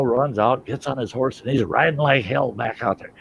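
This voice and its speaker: A man hosting a casual online chat, telling long jokes and jumping into loud, high voices for the characters. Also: moderate pace, vocal fry. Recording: dull lo-fi audio with faint noise.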